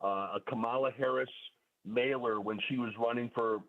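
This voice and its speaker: A man phones in to a radio talk show, his voice medium-pitched and steady at a moderate pace. He lays out his points methodically, in order, with frequent fillers, and the audio has the quality of a phone line.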